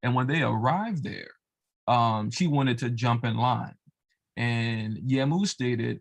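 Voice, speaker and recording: A man's voice: mid-range voice, takes it slowly, gravelly. A man retelling a devotional folk tale in a loose, casual way, with lots of fillers and asides. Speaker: storyteller of religious tales. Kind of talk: casual oral storytelling.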